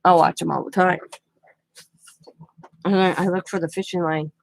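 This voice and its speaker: A woman's voice: on the low side, steady tone, normal speed, creaky, dry recording, poor audio. Chatty laughing woman telling a story. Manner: chatty, laughs often between phrases; retells conversations with quoted back-and-forth. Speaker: craft vlogger. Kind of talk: casual storytelling chat.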